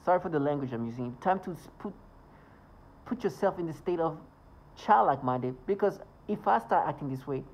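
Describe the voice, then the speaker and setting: Husky-voiced man on an agitated rant. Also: a little high, animated, a little fast, darkish tone, poor audio. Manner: agitated, indignant, swears. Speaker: vlogger. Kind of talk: ranting monologue to camera.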